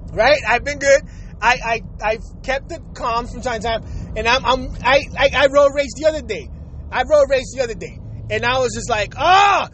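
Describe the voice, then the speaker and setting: A man's voice: very high-pitched, a bit bright. A young man ranting profanely about traffic while driving, repeating himself. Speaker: vlogger. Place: inside a car in city traffic. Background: faint traffic noise.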